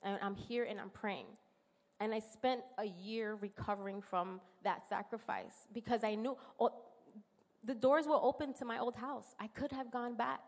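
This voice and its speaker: A woman's voice: a little high, steady tone. Emotional New York woman giving testimony. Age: 30s. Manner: emotional, earnest, halting. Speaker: church member giving testimony. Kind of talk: personal testimony in church. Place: church sanctuary. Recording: long hall reverb in church.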